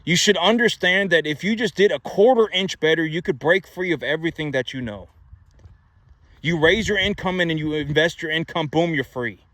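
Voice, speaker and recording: Man, emphatic, repetitive, rhetorical asides, somewhat high pitch, dry close recording. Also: brisk, a bit bright, dry recording. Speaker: video host giving money advice. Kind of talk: casual motivational monologue.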